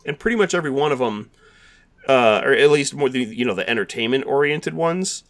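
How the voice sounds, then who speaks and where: Here a man hosts a podcast in a medium-pitched, somewhat bright voice with lively intonation and a brisk pace. His talk is casual and meandering, full of fillers and frequent restarts.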